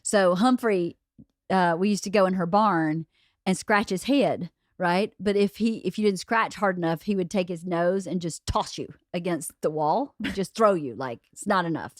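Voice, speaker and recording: A woman hosting a podcast, telling a story in a lively, laughing way. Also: on the low side, moderate pace, no room sound, clean studio sound. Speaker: podcast host. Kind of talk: casual storytelling chat.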